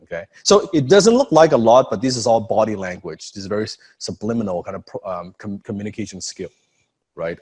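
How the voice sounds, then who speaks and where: Animated husky man coaching speakers. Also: lowish voice, fairly quick. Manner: animated, profane, demonstrates with acted asides. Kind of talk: casual coaching chat.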